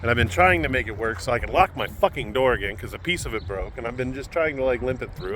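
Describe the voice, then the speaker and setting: A man's voice: mid-range voice, lively intonation, quick pace, hardly any pauses, noisy background. A man venting on his vlog, frustrated and swearing as he rants about his day. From Kansas, United States. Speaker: vlogger.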